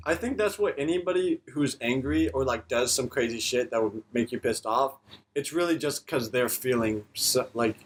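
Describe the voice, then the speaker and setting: Laid-back young man, mid-pitched. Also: moderate pace. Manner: laid-back, reflective, filler-heavy. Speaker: podcast co-host. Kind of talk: casual chat.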